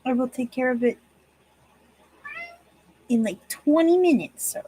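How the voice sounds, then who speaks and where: A woman's voice: sits high, lively intonation, unhurried, warm tone, slightly rough, no room sound, rough recording. A woman streamer chatting casually while she crochets at home, talking fondly and teasingly to her cat. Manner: fond, teasing talk to her pet cat. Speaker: crafting streamer.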